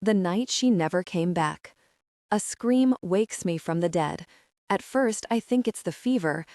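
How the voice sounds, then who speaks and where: A woman reading a romance audiobook as emotive first-person scripted narration, with measured, dramatic slowdowns. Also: lowish voice, animated, a little mellow, dry recording, clean studio sound.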